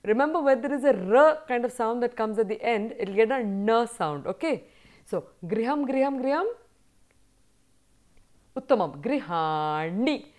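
A woman's voice: fairly high pitch, lively intonation, normal speed, darkish tone. A woman teaching a university lecture, drilling word forms and praising answers as she goes. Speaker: Sanskrit teacher.

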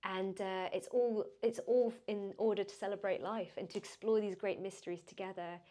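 A woman's voice: medium pitch, steady tone, normal speed, dark tone. A woman who is a guest on a podcast, talking in a thoughtful, reflective way. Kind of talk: casual podcast chat.

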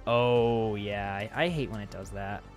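A man's voice: fairly low pitch, measured pace, faint music behind. A man hosting a casual game session, upbeat and explaining the game mechanics as he plays. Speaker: host and map maker. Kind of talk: casual gameplay chat.

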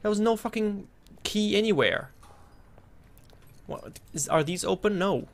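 A man commentating his play of a horror game, joking and cursing, and breaking into loud frightened yelps when scared. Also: high-pitched, expressive, unhurried, vocal fry. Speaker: gameplay commentator.

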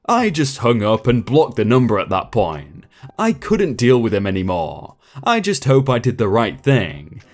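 A man reading online stories aloud with an expressive storytelling delivery. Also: medium pitch. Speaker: story narrator.

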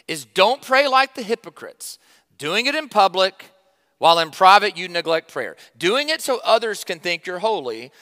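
A man preaching a sermon to his church, conversational and emphatic, with sudden loud stresses and quiet drops. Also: on the high side, long reverb tail. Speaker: pastor.

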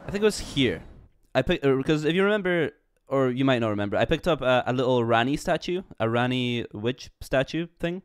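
Goofy rambling game streamer. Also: male voice, medium pitch, expressive, fairly quick, few pauses, smooth, no room sound, clean studio sound. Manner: goofy, rambling, self-mocking, stammering restarts. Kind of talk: casual game livestream chat. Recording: jazz music faintly behind.

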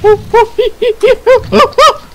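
Slow, gravelly, teasing male gamer. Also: extremely high pitch, background noise. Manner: teasing, joking, loves puns. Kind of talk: casual gaming chat over voice chat.

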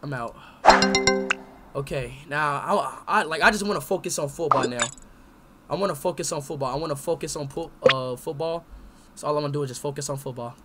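A young man streaming a game live, talking to himself and his chat, swinging between loud yelling and quiet muttering. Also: on the high side, brisk. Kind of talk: live gameplay commentary. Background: loud music.

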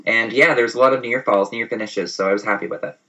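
Fast-talking husky man on a podcast. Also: fairly low pitch, pushed and bright, lo-fi sound. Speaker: podcast co-host. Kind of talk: casual podcast chat.

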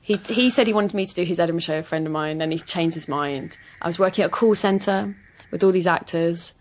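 A woman's voice: lowish voice, a little fast, slight background noise. A woman comedian telling her story in an interview, self-deprecating and candid, swearing now and then. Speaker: comedian guest.

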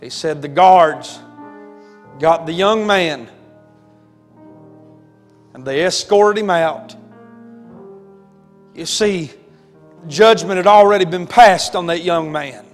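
Man, preacher, high voice, dramatic sermon storytelling, reverberant church hall, soft music behind. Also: slow, pauses often. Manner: dramatic storytelling, rising to shouts. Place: church sanctuary.

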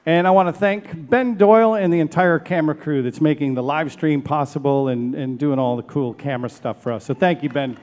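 A man's voice: on the high side, fairly even intonation, a little fast, few pauses, long reverb tail, some chatter behind. A man, director of a steel band, giving heartfelt thank-yous to a live concert audience from an outdoor stage. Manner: emotional, warm thanks, chokes up.

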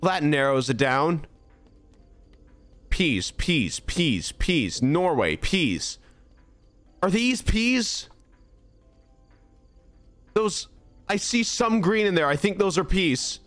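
A man's voice: a little high, very animated, takes it slowly, a bit bright, soft background music. A young man streaming a game, talking through it in a rambling, exasperated, self-mocking way. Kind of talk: casual gameplay commentary.

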